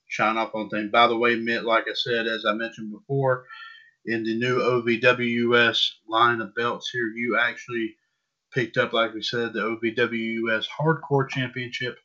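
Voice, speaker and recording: Bright-voiced man co-hosting, halting delivery. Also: fairly low pitch. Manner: halting, stumbles over names. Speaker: podcast co-host. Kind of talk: casual podcast chat. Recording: dull lo-fi sound.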